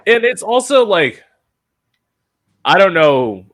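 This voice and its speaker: An American podcast host with a high-sitting voice takes his time as he tells frank stories in casual chat. He's an animated storyteller who acts out the lines he quotes.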